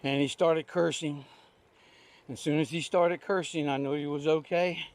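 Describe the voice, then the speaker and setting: With a slightly high voice, a steady tone and a moderate pace, an older vlogger shares rambling, folksy anecdotes. He talks casually in homespun speech while pedaling a recumbent trike outdoors.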